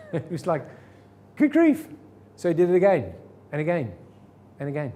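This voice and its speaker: A man's voice: a little high, lively intonation, normal speed, mellow. A man teaching a sales seminar to a live audience, firing rhetorical questions at the room. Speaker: sales trainer.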